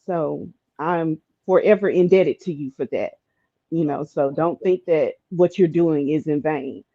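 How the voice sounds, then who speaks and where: Calling into a live stream from Chicago, a woman chats casually, sounding earnest and grateful and saying um a lot. She speaks at a measured pace in a low-pitched voice, heard over a remote call line with dull call-in audio and no room sound.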